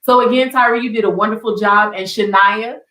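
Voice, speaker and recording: A woman hosting an online community show, speaking in a measured, emphatic way and addressing viewers directly. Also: medium pitch, fairly even intonation, bright, forceful tone. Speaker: show host. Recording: echoey room, far from mic.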